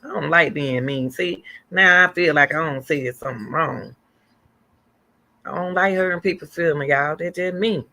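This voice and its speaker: Woman, middle-aged, livestream host, gravelly, bright, rambling chat with viewers. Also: sits low, moderate pace. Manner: chatty, rambling, answers viewer comments aloud. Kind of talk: casual livestream commentary.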